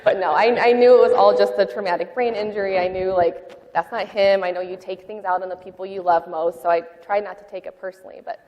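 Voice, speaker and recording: A woman sharing a personal testimony in a church interview, talking in a halting, heartfelt way with many fillers. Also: mid-range voice, fairly even intonation, darkish tone, long reverb tail. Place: church sanctuary.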